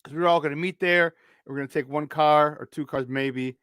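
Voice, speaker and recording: Man, high voice, sports talk co-host, casual storytelling, acts out the people in his story, dry close sound. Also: steady tone, brisk, a bit bright, smooth, no room sound. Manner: swears casually, many restarts.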